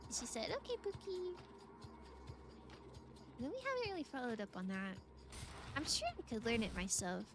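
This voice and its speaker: A woman streamer chats playfully through a game, her voice high and bouncing all over the place. She giggles often and talks to her viewers in a loose, joking way. A steady hiss sits under the recording. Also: fairly quick. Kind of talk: casual gameplay chat.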